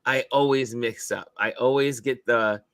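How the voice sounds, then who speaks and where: An upbeat, chatty man hosts a casual live stream and laughs easily between his words. His voice sits at an ordinary pitch, and the sound is dry and close, with no room echo. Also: steady tone, measured pace, a bit bright. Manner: upbeat, chatty, laughs often while greeting viewers. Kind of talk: casual chat.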